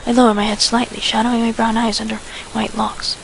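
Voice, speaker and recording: Woman narrating with heavy vocal fry. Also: a little high, little pitch movement, brisk, a little hiss or hum, poor audio. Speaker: fan fiction reader. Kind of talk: first-person story narration.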